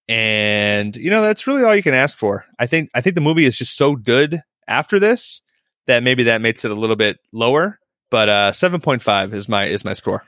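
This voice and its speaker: A man's voice: mid-range voice, no echo. A man co-hosting a casual podcast, jokey and loose, stumbling over his words. His voice rises and falls a lot. The sound is dry and close to the mic. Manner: animated, jokey, repeats himself. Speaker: podcast co-host. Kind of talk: casual chat.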